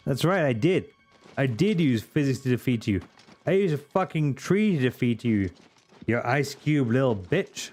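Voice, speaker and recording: A man's voice: mid-range voice, very animated, normal speed, a little mellow, faint music behind. A man from Britain, streaming a video game with casual, jokey and profane commentary to his chat.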